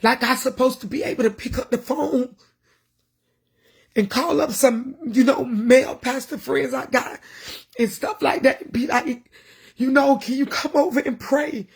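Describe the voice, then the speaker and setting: High, gravelly-voiced woman minister. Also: fairly even intonation, a little slow, pauses often. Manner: passionate, preachy, emotional. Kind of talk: casual livestream talk.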